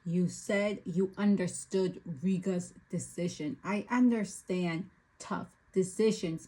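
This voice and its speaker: A woman's voice: medium pitch, measured pace, a little mellow, breathy edge, rough recording. A woman recapping and reviewing a book, often exasperated and ranting at the story's choices.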